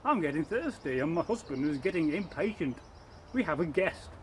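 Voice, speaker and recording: A man's voice: on the high side, sing-song, normal speed, a little hiss or hum. A man voicing an impatient farmer's wife in a folktale, asking questions. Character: fretful farmer's wife, middle-aged woman.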